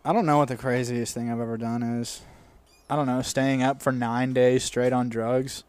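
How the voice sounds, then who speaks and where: Laid-back young man, smooth voice. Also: medium pitch, flat delivery, moderate pace, a little mellow. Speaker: podcast co-host. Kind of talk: casual chat.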